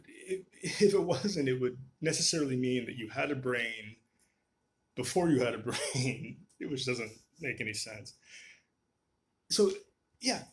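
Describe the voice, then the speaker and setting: A man delivering a casual, profane rant on camera, exasperated and full of restarts. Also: mid-range voice. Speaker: vlogger.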